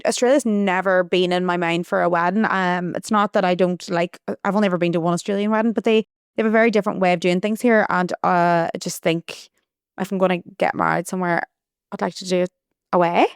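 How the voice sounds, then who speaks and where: A young woman talks through a story on her podcast, rambling and restarting as she goes. Her voice is smooth and clear, recorded close and dry. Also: on the low side, steady tone, fairly quick, dry recording. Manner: chatty, rambling, with frequent restarts and "like". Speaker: podcast host. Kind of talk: casual storytelling monologue.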